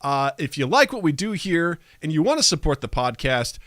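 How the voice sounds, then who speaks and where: Male podcast host, goofy and animated, bright tone, dry close sound. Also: on the high side, normal speed, no echo. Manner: goofy, self-mocking, animated. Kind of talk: casual podcast chat.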